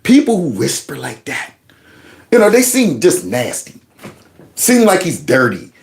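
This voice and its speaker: A man hosts a casual reaction show and mocks the clips he plays. His pitch swings widely as he talks, and he sounds middle-aged. His delivery is loose and teasing, and he often talks back to the screen. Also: wildly swooping pitch, unhurried, creaky. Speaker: commentary show host.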